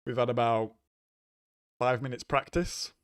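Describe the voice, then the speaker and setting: A man's voice: medium pitch, steady tone, a little slow, smooth, no room sound, studio quality. A man streaming a racing game live, talking casually as he reacts to the race.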